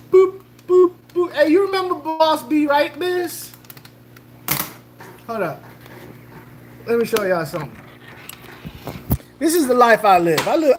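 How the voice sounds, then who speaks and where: A woman's voice: on the high side, slight background noise. A woman hosting a casual livestream, joking loosely with slang, laughing and greeting chatters by name. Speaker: livestream host.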